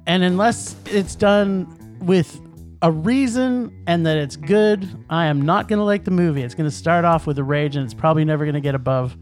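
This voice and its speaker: A man co-hosting a podcast, ranting about movies in an animated way and laughing often. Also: a little high, normal speed, soft background music. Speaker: podcast co-host. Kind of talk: casual podcast movie rant.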